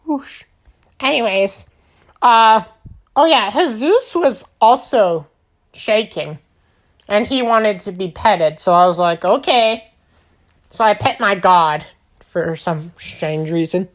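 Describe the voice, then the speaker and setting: A woman's voice: medium pitch, slow. A woman hosting a gaming channel, giving a silly, rambling recap of her game with lots of filler sounds. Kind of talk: playful game recap narration.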